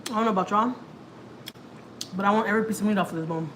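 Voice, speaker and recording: A woman's voice: medium pitch, rapid-fire, fairly bright tone, a little hiss or hum, poor audio. A woman, chatting casually to viewers while cooking in her home kitchen. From Houston, Texas. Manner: chatty, talks straight to viewers, lots of "like" and "y'all". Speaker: family vlogger.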